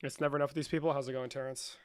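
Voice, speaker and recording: A man hosting a livestream in a casual, profane, slangy manner, saying "bro" a lot and swinging between low muttering and loud outbursts. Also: little pitch movement, rapid-fire, slight background noise. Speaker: livestream host.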